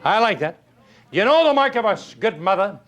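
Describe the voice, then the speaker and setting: High-voiced, emphatic motivational speaker man. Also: big pitch swings, brisk, fairly bright tone, lo-fi sound. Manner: emphatic, rhetorical questions, storytelling. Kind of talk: folksy motivational speech.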